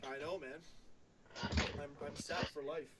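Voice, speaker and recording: Co-host, male, excitable and stammery, slightly high voice. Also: measured pace. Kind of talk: casual live-stream chat. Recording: Skype call audio.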